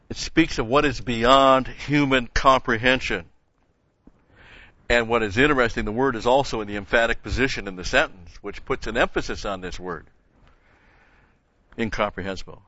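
A man's voice: medium pitch, bright, forceful tone, no echo, highs cut off. A man giving an expository sermon, explaining Bible verses step by step and rising in emphasis on key words. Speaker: Bible teacher.

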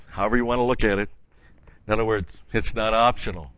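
A man's voice: on the low side, fast talker, fairly bright tone, no room sound, dull audio. A man teaching a Bible study in an earnest, emphatic way, stopping often with "uh" and restarting phrases.

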